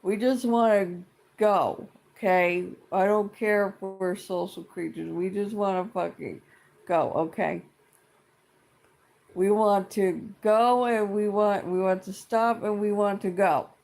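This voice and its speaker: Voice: medium pitch, fairly even intonation, takes it slowly, gravelly, a little mellow. A middle-aged vlogger delivering a casual, profane rant to camera, blunt and exasperated, swearing constantly and circling back on the same points. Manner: blunt and exasperated, heavy swearing, repeats itself.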